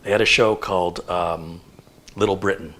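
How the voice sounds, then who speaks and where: A man in his fifties hosting a casual live chat, telling stories in an animated, rambling way with lots of fillers. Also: deep voice, moderate pace. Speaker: host.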